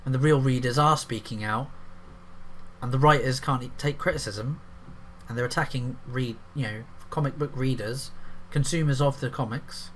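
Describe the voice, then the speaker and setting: Male commentator, middle pitch, reads the text out then mocks it with crude, scornful asides. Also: normal speed, a little hiss or hum. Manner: sarcastic, profane interjections. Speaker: YouTube commentator. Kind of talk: reading an article aloud with commentary.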